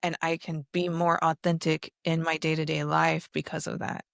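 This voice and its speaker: A woman's voice: low-pitched, flat delivery, normal speed, creaky, dry recording, clean studio sound. A woman co-hosting a podcast, talking earnestly and reflectively in long run-on sentences. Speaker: podcast co-host. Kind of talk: casual chat.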